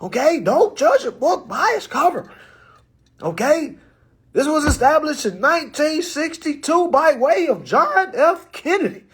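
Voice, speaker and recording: A man giving a casual live-stream lecture, animated and full of rhetorical questions. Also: very high voice, measured pace. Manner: animated, rhetorical questions, acts out phone calls. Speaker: live-stream presenter teaching contract tactics.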